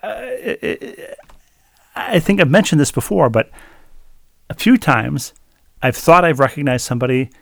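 A man's voice: on the high side, sing-song, measured pace, creaky, pauses often, fairly bright tone, no room sound, studio quality. A man co-hosting a casual chat show, telling stories in a wry, self-mocking way. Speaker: podcast co-host.

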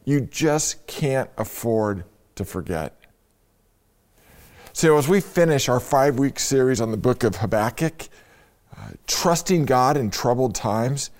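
A middle-aged man, a pastor, preaching a sermon in a conversational way and speaking straight to his listeners. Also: medium pitch. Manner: warm conversational preaching with direct address to listeners.

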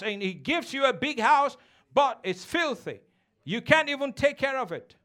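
A man's voice: very high-pitched, lively intonation, moderate pace, pushed and bright. A man preaching a sermon as a pastor, emphatic and teasing, calling on the congregation to respond.

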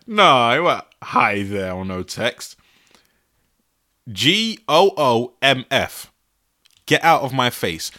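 A man's voice: mid-range voice, very animated, slow, sharp tone. A man in his twenties hosting a solo podcast from his bedroom, laughing often and sounding exasperated. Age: 20s. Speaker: podcast host.

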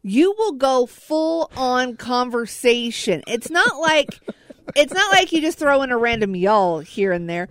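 A woman's voice: high voice, big pitch swings, measured pace, a bit bright, dry recording, studio quality. A woman from the US Midwest co-hosting a radio show, teasing her co-host and laughing often in casual banter. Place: radio studio. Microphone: studio mic.

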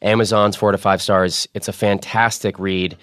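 A man's voice: on the low side, level tone, moderate pace, fairly bright tone, clean tone, dry recording, studio quality. A man hosting a podcast in a casual chat style, playful and self-mocking as he jokes with his producer. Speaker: podcast host.

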